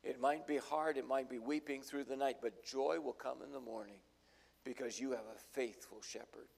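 A man's voice: medium pitch, normal speed, vocal fry, darkish tone, breathy edge. An older man preaching a sermon in a folksy, storytelling way, acting out the voices in his stories. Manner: folksy storytelling, acts out quotes. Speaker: pastor.

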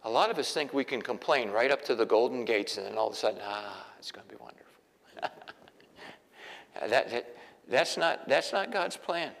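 A male pastor delivering a sermon in a church, moving between hushed, near-whispered prayers and loud, emphatic preaching. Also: mid-range voice, vocal fry. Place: church sanctuary. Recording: long reverb of a large hall.

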